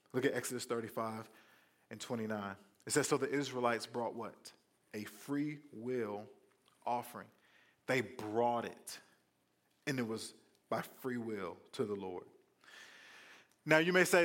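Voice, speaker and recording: With a mid-range voice, a male preacher talks to his congregation in a lively, conversational manner, slipping in playful asides as he gives the sermon.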